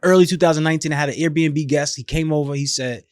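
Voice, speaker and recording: A man in his thirties telling his life story as a podcast guest, animated and emphatic, with slangy phrasing, often acting out other people's voices. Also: on the high side, fast, no room sound, clean studio sound. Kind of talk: storytelling in a casual interview.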